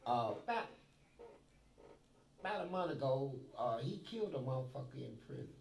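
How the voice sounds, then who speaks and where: A man's voice: medium pitch, animated, moderate pace, creaky, a little mellow, reverberant, recorded from a distance, rough recording. A man telling blunt, profane stories from prison life in a streetwise way, recorded in an interview.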